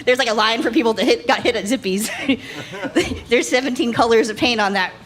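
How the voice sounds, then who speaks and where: Woman stand-up, higher register, giggles through her own material, live stage set. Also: normal speed, a crowd in the background. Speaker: stand-up comedian. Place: live comedy show stage.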